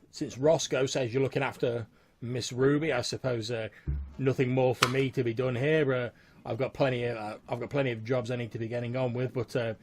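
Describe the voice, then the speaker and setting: A man's voice: mid-range voice, close to an everyday voice. A man voicing a heavy, wary older sheriff in a tabletop game, talking with a hesitant, folksy drawl. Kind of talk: tabletop role-play character voice.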